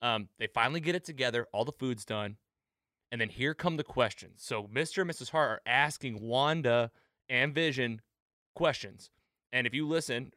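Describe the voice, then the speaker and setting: A man's voice: mid-range voice, clear, resonant tone, no echo, clean studio sound. A man hosting a casual podcast recap, acting out quoted lines as he talks. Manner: animated, acts out quoted lines. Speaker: podcast host.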